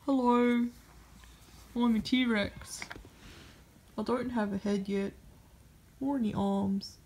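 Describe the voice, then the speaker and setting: A woman's voice: a little high, fairly even intonation, slow pace, a little mellow, slight background noise. A woman voicing a goofy half-built toy T-Rex that is cheeky, boastful and indignant. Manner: bouncy, silly and indignant.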